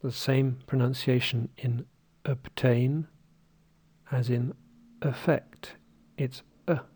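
A man teaching pronunciation, saying single words one by one in a careful, deliberately articulated drill. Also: medium pitch, flat delivery, a little mellow, breathy edge.

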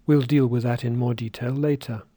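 A man teaching English word stress in a deliberate, carefully articulated way, modelling words for learners to repeat. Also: mid-range voice, fairly even intonation, warm tone, slightly rough. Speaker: pronunciation teacher. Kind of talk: slow, clearly spoken pronunciation lesson.

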